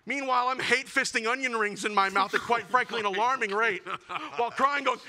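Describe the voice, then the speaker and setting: A young man with a very high, bright voice performs a stand-up comedy set. He tells self-deprecating stories with animated delivery. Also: quick pace. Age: young adult.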